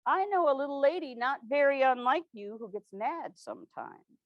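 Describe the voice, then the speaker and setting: A woman's voice: lively intonation, moderate pace, dry recording, dull audio. A woman doing a kindly, wry 1860s president. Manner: gentle, wry, lowered voice. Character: 1860s president, a kindly, teasing older man.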